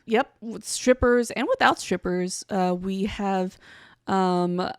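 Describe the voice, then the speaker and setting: A woman hosting a comedy podcast in casual chat, brash and profane, quick to laugh. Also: mid-range voice, smooth, dry recording, clean studio sound. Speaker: podcast host.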